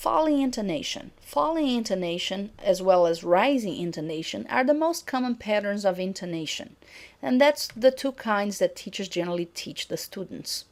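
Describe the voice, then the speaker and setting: A middle-aged woman lecturing on intonation. She speaks clearly and at a measured pitch, and she acts out example sentences as she teaches. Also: lively intonation.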